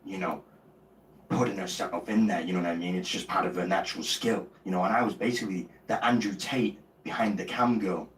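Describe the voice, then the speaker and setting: A man's voice: low-pitched, steady tone, brisk. A man telling a rambling mock testimonial, filling gaps with "you know what I mean". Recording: echoey distant clip with faint noise.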